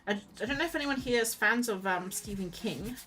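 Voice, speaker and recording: A woman's voice: on the high side, expressive, brisk, fairly bright tone, rough recording. A woman chatting casually and rambling as she paints on a stream. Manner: chatty, rambling, self-deprecating. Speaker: art streamer. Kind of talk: casual chat while painting.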